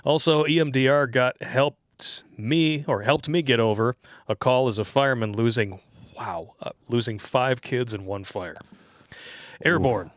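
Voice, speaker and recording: A man's voice: mid-range voice, a little slow, no echo, studio quality. A man co-hosting a casual livestream, joking, laughing often and reading viewer donations and comments aloud.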